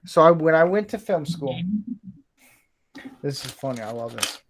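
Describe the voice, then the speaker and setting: A man's voice: a little high, animated, normal speed, rough recording. A man hosting a casual build stream, telling a rambling story with frequent swearing. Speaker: streamer building a brick toy set. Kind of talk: casual chat while building.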